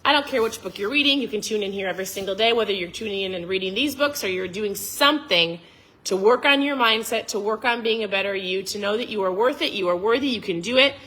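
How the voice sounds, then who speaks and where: A woman giving a motivational vlog talk, fired up and emphatic, almost yelling as she urges viewers on. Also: medium pitch, fast talker. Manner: emphatic, preachy. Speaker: vlogger.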